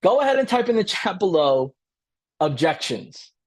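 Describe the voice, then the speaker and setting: A man's voice: sits high, very animated, a little mellow. A man coaching a live training webinar with lots of energy, repeating his points and often checking in with "right?". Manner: acts out client dialogue in quick role-play.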